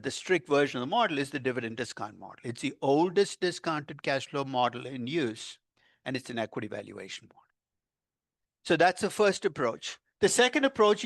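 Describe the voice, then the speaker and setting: An older male finance professor giving a university lecture, animated and quizzing his class, stressing key words as he explains. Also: on the high side, no room sound, studio quality. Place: lecture room.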